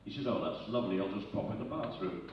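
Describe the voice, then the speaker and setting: A man's voice: fairly low pitch, fast, a little hiss or hum. A man telling jokes to a live audience, rambling, losing his place and chuckling at his own punchlines. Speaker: comedian. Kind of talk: live stand-up joke telling. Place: live arts centre stage with audience. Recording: echoey, muffled hall recording from far off.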